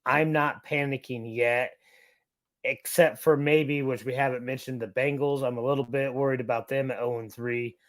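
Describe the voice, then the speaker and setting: Measured man talking football. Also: mid-range voice, steady tone, dry recording. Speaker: podcast panelist. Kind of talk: casual sports chat.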